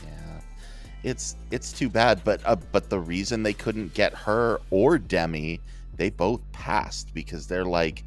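A low-pitched man hosts a relaxed movie podcast. He tells the film's backstory with plenty of asides and acts out quotes in jokey voices. Faint music plays underneath. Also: slow pace, vocal fry. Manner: animated storytelling, mock quotes in silly voices. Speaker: podcast host. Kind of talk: casual movie podcast chat.

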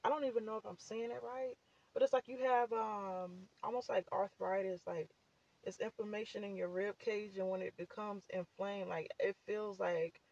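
A woman with a mid-range, creaky, slightly mellow voice talks at a moderate pace with fairly even intonation, heard in lo-fi sound. A podcast host and author, she runs a casual talk show, sounding scratchy and a bit out of breath as she chats loosely with listeners, using lots of fillers.

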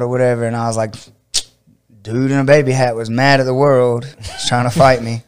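Laughing fight coach telling stories. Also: male voice, moderate pace, clear, resonant tone. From Georgia, USA. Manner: animated, laughing, acts out quotes in a high voice. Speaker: podcast host and fight coach. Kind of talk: casual storytelling chat.

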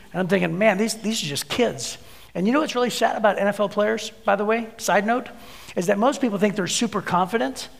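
A man's voice: high-pitched, gravelly. A man preaching a sermon as a pastor, telling stories and acting out the voices in his anecdotes. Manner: storytelling, acts out voices in anecdotes. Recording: long hall reverb.

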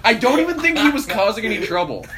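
A man's voice: very high voice, big pitch swings, fast talker, crowd noise, poor audio. A young man co-hosting a podcast, telling school stories in a casual, profane, laughing way. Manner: swearing, laughing storyteller. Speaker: podcast co-host. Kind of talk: casual storytelling chat.

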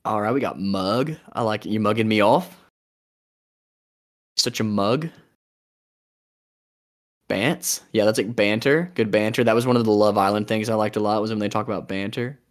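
A man's voice: lowish voice, normal speed, long pauses. A young man co-hosting a podcast, chatting casually in a rambling, jokey way and often trailing off and restarting. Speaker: podcast co-host. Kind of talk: casual chat.

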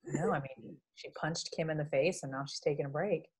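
A woman's voice: sits low, steady tone, brisk, darkish tone, breathy edge. A woman co-hosting a podcast in casual chat, talking with plenty of fillers like "like". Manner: chatty, with lots of fillers like "like". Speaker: podcast co-host.

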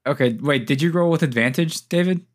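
A man narrating as game master of a tabletop game, relaxed and joking, laughing often. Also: a little high, brisk.

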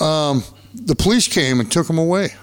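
A man's voice: a little high, expressive, normal speed. A man telling a wild story in casual, profane podcast chat.

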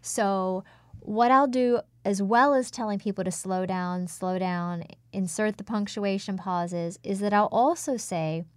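A woman speaking coach giving measured, instructive advice in a conversational interview. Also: mid-range voice, no echo, clean studio sound.

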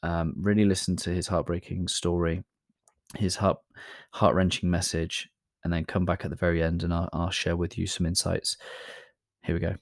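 Deep gentle-voiced man, dry sound. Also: flat delivery, moderate pace, vocal fry, no room sound. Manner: gentle, compassionate, with hesitant fillers. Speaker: channel host introducing a clip. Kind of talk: calm reflective talk to camera.

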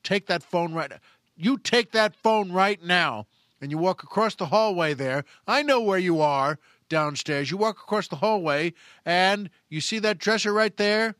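A man's voice: high voice, lively intonation, brisk, fairly bright tone, no room sound, clean studio sound. A man playing a bullying crime boss on the phone, who barks threats and orders. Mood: menacing. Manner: threatening, bullying, pushy commands.

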